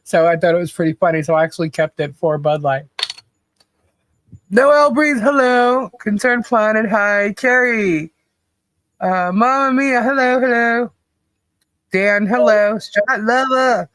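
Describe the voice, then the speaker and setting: Chatty woman host greeting viewers, laughs a lot, slow and easy, dry close mic. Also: medium pitch, a bit bright, no room sound. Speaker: livestream co-host. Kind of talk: casual chat.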